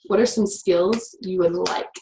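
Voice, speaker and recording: A woman leading a class through writing prompts, chatty and quick, with many "like" fillers. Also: on the low side, fairly even intonation, dark tone. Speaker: workshop teacher. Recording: echoey room with faint noise.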